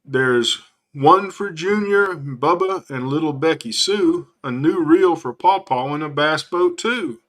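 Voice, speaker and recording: Folksy Southern Santa with a slow drawl, a man doing the voice in a read-aloud story. Bright tone. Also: a little high. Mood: cheerful.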